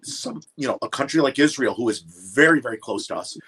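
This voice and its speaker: A man joins a casual livestream chat, often pausing and restarting his words as he thinks aloud. His voice sits at an ordinary middle pitch, with faint background noise underneath. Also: fairly bright tone, rough recording. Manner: halting, repeats words while searching for them. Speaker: panel guest.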